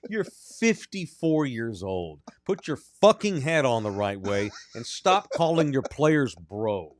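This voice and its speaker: A man's voice: mid-range voice, big pitch swings, slow pace. A man co-hosting a sports radio show, talking bluntly and profanely and slipping into mocking impressions. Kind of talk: casual sports talk.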